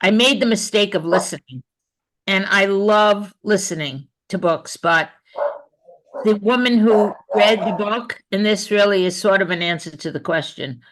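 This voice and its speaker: A woman's voice: medium pitch, measured pace, fairly bright tone, low-quality recording. A woman in an online book club, speaking earnestly and at length over a video call. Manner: earnest, rambling. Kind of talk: casual discussion.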